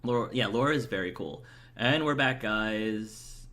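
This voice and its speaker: Chatty man with lowish voice. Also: measured pace, bright, forceful tone. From United States. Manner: chatty, enthusiastic, rambling with fillers. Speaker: let's play host. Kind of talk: casual gameplay commentary, reading chat aloud.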